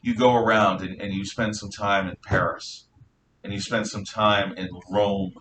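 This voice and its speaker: Man, history teacher, classroom lecture, animated storytelling, distant mic, faint hum. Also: lowish voice, unhurried. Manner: animated storytelling with asides and restarts.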